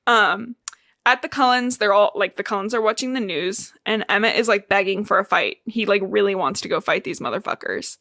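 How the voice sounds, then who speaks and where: A woman's voice: medium pitch, fairly quick, bright, forceful tone, dry recording, studio quality. A woman with a Midwestern American accent co-hosting a casual book-discussion podcast, retelling scenes, swearing freely and laughing often. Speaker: podcast co-host.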